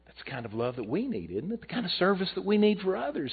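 A man's voice: mid-range voice, sing-song, fast talker, breathy edge. A male pastor preaching a sermon, telling a story and swelling and dropping his voice for emphasis. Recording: tinny phone-like audio.

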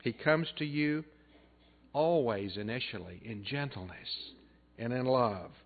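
A man preaching a sermon as pastor, earnest, building up loud and then dropping soft. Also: mid-range voice, unhurried. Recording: tinny phone-like band.

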